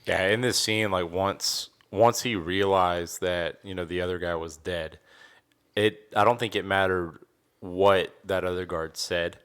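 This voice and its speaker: A man's voice: low voice, fairly even intonation, unhurried, a bit bright, smooth. A man co-hosting a podcast, talking earnestly in a casual chat with many fillers. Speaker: podcast co-host.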